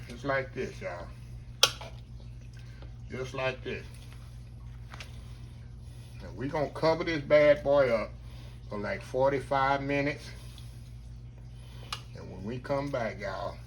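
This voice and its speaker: A man's voice: mid-range voice, noisy background. A man hosting a casual home cooking demonstration in his kitchen, talking folksily to viewers as "y'all" and savoring the food aloud. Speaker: cooking channel host.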